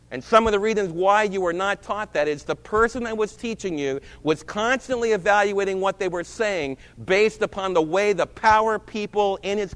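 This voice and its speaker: A male pastor preaching a sermon, dramatically swinging between loud emphasis and low hushed lines. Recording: long reverb of a large hall.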